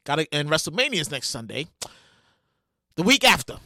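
A man hosting a solo podcast in casual, profane commentary, often restarting and repeating phrases and breaking into loud reenactments. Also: on the high side, very animated, fairly quick, no echo, clean studio sound. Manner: bursts into loud acted-out reenactments. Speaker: podcast host.

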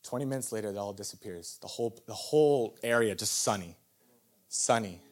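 A man's voice: on the low side, fairly quick. Man preaching a candid story sermon. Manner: candid, storytelling, self-deprecating with frequent laughs. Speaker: young adults pastor. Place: church service before a live audience.

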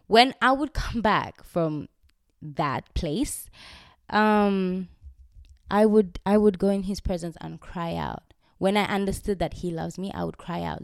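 A woman hosting a faith podcast and answering listener questions in an earnest, casual way, often dropping her voice low and checking that the listener is following. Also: darkish tone, dry recording, clean studio sound. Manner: earnest, repeats herself, keeps asking "do you get what I'm trying to say?".

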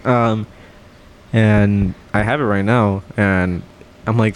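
A man's voice: on the low side, steady tone, normal speed, slight background noise. Young man telling a story casually. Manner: storytelling, mimics others' lines. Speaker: podcast co-host. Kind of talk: casual podcast chat.

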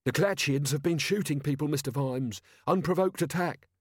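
A man's voice: on the high side, normal speed, slightly rough, no echo, studio quality, pitched above the performer's own voice. A man voicing a nervous but defiant male rioter in an audiobook reading, speaking in a blustering way.

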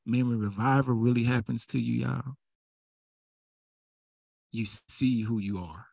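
A man's voice: mid-range voice, steady tone, a little slow, vocal fry, a little mellow, husky, dry recording. A man preaching a sermon in a casual, conversational way that builds into fervent exhortation.

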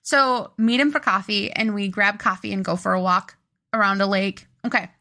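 A woman's voice: medium pitch, fairly even intonation, normal speed, pushed and bright. A young woman co-hosting a podcast, rambling chattily through a story and poking fun at herself. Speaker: podcast co-host. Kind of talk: casual chat.

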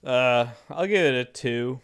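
A jokey man co-hosting a casual podcast. He talks slowly and unhurriedly, with a smooth, clear voice and an average pitch. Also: fairly bright tone. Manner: jokey, reads labels in put-on voices. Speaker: podcast co-host. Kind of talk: casual chat.

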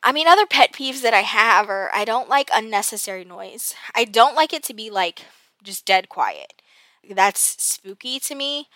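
Woman in her thirties, casual podcast chat, bright forceful voice, dry close sound. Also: on the high side, animated, moderate pace, no room sound. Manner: chatty, exasperated, laughs at herself, many fillers. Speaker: podcast host. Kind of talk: casual personal podcast talk.

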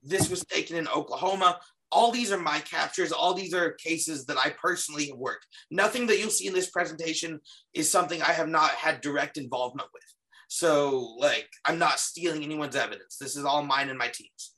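An earnest man walks listeners through his paranormal case footage on a podcast. His voice sits a touch high and sounds bright, and it carries a faint wear, as if he has been talking all week. He often stops and restarts mid-sentence. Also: brisk. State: slightly losing his voice. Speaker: paranormal investigator guest. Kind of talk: casual podcast presentation.

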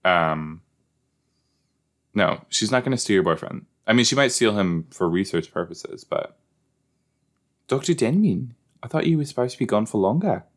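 A man's voice: fairly low pitch, lively intonation, moderate pace, pauses often. A man casually commenting while watching a show, rambling and joking, sometimes repeating lines in silly voices. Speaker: podcast host watching a show. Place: at a table indoors.

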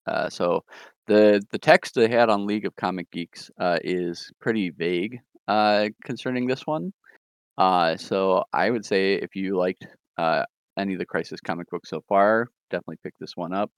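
Podcast co-host, male, deep and smooth, dry close sound, measured and unhurried. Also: no room sound. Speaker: podcast co-host reviewing new comics. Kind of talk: casual chat.

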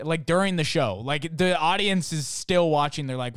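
A man's voice: medium pitch, a little slow, a bit bright, clear, resonant tone, dry recording, clean studio sound. A man telling a funny story in a casual, rambling way, full of fillers and restarts.

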